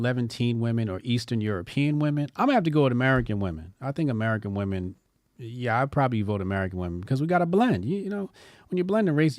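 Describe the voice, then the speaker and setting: A man's voice: medium pitch, dry recording, studio quality. A man hosting a casual opinion show, talking bluntly with rambling, joking asides. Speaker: commentary show host.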